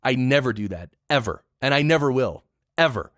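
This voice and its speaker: A man's voice: mid-range voice, expressive, brisk, a bit bright. A man in a mid-range voice hosts a solo podcast and rants with plenty of repeats and blunt verdicts. He talks close to the mic in a dry, dead room with no echo at all. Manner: opinionated, emphatic ranting with repetitions. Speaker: podcast host. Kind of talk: casual solo podcast monologue.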